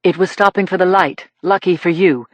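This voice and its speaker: A woman voicing a young male emergency doctor who speaks low and steady. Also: fairly quick, dry recording, close to an everyday voice. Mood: reassuring.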